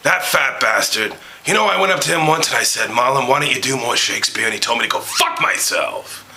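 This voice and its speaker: A man voicing a crude, flirtatious aging male movie star in a comedic impression, gravelly, lurching between whispers and shouted outbursts. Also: mid-range voice, a little fast, rough recording. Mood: brash.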